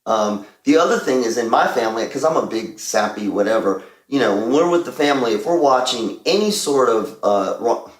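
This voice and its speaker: A man's voice: medium pitch, lively intonation, fairly quick, few pauses, roomy sound. A man co-hosting a radio show, talking openly and reflectively in casual chat. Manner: reflective, open about his feelings. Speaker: radio co-host.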